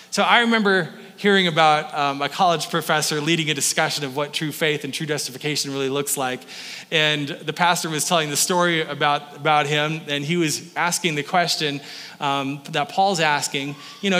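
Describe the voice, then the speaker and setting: A pastor with a high voice delivers a conversational sermon in a church sanctuary. His voice is bright and forward. He often restarts his sentences. A long hall reverb trails each phrase. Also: moderate pace. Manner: casual teaching tone with frequent restarts.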